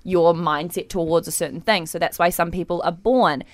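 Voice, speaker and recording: Lower-voiced woman explaining. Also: fairly even intonation, normal speed. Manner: rambling explainer, filler-heavy. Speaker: podcast guest. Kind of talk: casual podcast chat.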